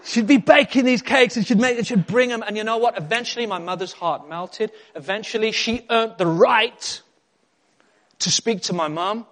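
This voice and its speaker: A man preaching a sermon, emphatic and repetitive, building up to excitement. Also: high-pitched, normal speed. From South Africa.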